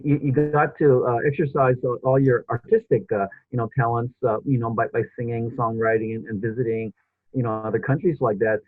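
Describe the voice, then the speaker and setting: A male podcast host chats casually in an interview, rambling with lots of restarts and fillers. His husky, medium-pitched voice has no echo but comes through a tinny, phone-like line.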